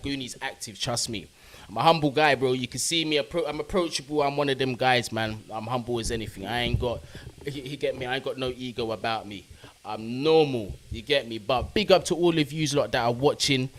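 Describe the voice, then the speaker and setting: Man giving chat shout-outs. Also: mid-range voice. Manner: casual slang-heavy, shouting out chat viewers. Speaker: football fan channel host. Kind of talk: live stream chat with viewers.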